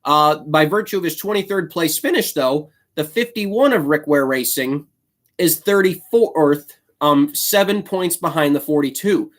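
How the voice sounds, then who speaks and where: A man's voice: fairly high pitch, unhurried, a bit bright. A man hosting his own solo video show, talking casually and slipping into a heated, apologetic rant. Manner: ranting, apologetic, fired up; frequent fillers and restarts. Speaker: YouTube host.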